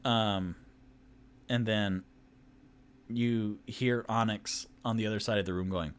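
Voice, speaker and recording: A man's voice: fairly low pitch, steady tone, takes it slowly, pauses often, smooth. A man narrating a solo tabletop game as game master, rambling, with fillers and self-corrections.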